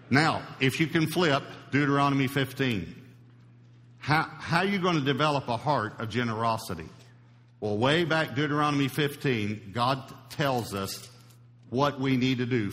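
A man's voice: mid-range voice, fairly bright tone. A male pastor giving a sermon in an emphatic, conversational preaching style. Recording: long hall reverb.

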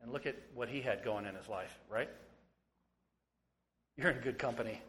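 A middle-aged pastor delivers his sermon, his voice sinking hushed and tender, then lifting loud and excited. His words ring out in a long reverb across the sanctuary. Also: mid-range voice, moderate pace, a little hiss or hum. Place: church sanctuary.

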